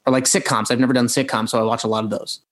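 A man, an actor, answering interview questions casually, halting with many fillers and restarts. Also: medium pitch, flat delivery, poor audio.

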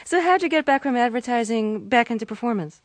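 A woman's voice: on the high side, lively intonation, fast, dry recording. Curious woman interviewer, dry sound. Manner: light, curious questioning. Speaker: interviewer host. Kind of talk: radio interview.

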